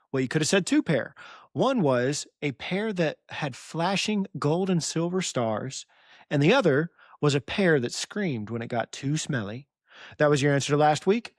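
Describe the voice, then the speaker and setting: A man's voice: medium pitch, dry recording, clean studio sound. A young American man hosting a podcast, recapping chapters in a rambling, self-deprecating way and laughing easily. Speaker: podcast host. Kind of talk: casual recap chat.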